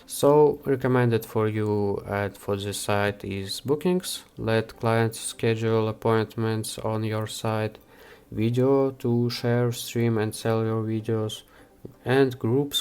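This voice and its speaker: A man hosting a software how-to, talking the viewer through each step with frequent hesitations. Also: lowish voice, level tone, clean tone. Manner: unhurried, with frequent "uh" fillers. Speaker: software tutorial host. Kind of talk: screen-recorded how-to walkthrough.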